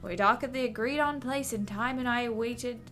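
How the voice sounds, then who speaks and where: A woman's voice: on the high side, moderate pace, sharp tone, soft background music. A woman voicing an older male sea captain with a put-on accent, telling a story and stumbling over long words. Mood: reminiscing.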